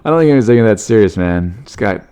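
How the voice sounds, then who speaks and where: A man's voice: lowish voice, animated, fast talker, mellow, smooth. A man hosting a comedy podcast, reading odd news stories with wry joking asides. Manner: wry, joking asides, laughs at his own bits. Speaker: podcast host.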